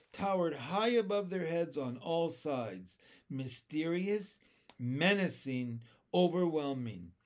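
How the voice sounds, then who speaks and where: A man reading a children's novel aloud, lifting his voice for the characters' cries. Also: on the high side. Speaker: reader.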